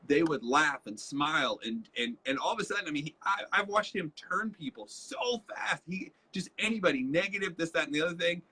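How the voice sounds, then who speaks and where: A man co-hosting a live leadership show, telling stories with lively quoted voices. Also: on the high side, husky. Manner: animated storytelling with quoted voices. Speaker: co-host, leadership trainer. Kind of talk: casual live-stream teaching.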